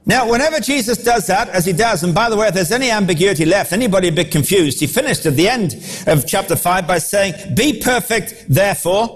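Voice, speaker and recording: High-voiced man preaching a lively sermon. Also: brisk, hardly any pauses, slightly rough, faint music behind. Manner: animated, acts out quoted voices.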